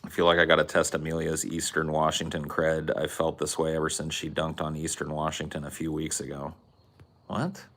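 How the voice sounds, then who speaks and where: This podcast co-host is a man from Central California with a Californian accent, chatting in a loose, profane, rambling way packed with "like"s. He has a bass voice and a completely flat delivery, speaking fairly quickly with a slightly bright quality.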